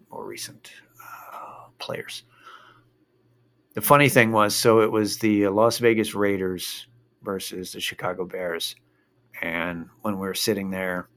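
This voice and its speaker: A man's voice: on the low side, fairly bright tone. A man telling a rambling story in a casual monologue, swearing freely and drifting into a rant.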